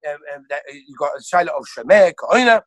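A man teaching a Torah class over a video call, reeling off sources one after another in an animated way. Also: on the high side, no echo, poor audio. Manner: rapid-fire listing of sources, animated. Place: lives in Israel.

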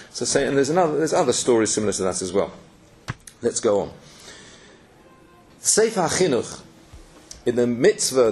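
Man, Torah teacher, earnest lecturing voice, mid-range pitch. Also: a little mellow. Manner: earnest, with yeshiva terms.

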